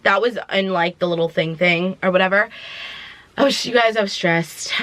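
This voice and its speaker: A young woman vlogger giving a casual movie review, retelling the plot in an animated, dramatic way with slangy asides. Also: medium pitch, normal speed, slight background noise.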